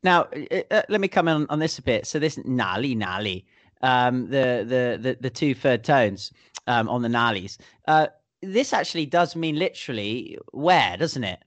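A man's voice: medium pitch, animated, moderate pace, no echo. A man co-hosting a casual podcast, chatty and joking with hesitant fillers. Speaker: podcast co-host. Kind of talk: casual chat.

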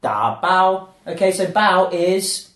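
A male podcast host with a lively, swooping voice and a slightly high pitch. He jokes, makes puns and breaks phrases down syllable by syllable, in an echoey room. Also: takes it slowly, crowd noise. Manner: playful, punning, explains word by word. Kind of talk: casual chat and phrase teaching.

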